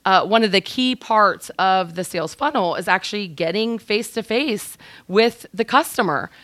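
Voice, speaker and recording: A woman's voice: mid-range voice, normal speed, a bit bright, dry recording. A woman hosting a business podcast, upbeat and steering the conversation. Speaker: podcast host. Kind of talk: casual podcast chat.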